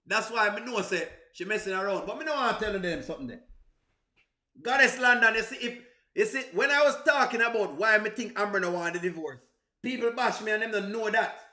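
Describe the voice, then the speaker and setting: A man's voice: high-pitched, fairly quick, bright, forceful tone, echoey room. A man with a Jamaican accent chatting casually on a livestream, answering viewers, laughing often and exclaiming to himself. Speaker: livestream host.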